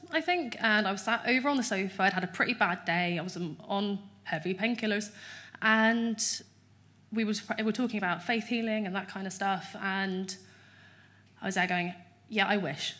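A woman, giving a chatty, animated testimony in an interview at church. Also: medium pitch, normal speed.

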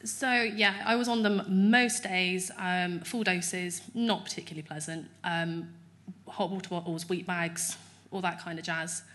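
A woman, giving a chatty, animated testimony in an interview at church. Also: fairly low pitch, unhurried.

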